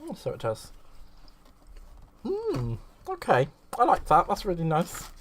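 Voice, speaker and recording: A man's voice: on the high side, wildly swooping pitch, a little slow. Chatty man gushing over crafts. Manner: gushing, rambling, greets viewers fondly. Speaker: craft livestream host. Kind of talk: chatty live crafting stream.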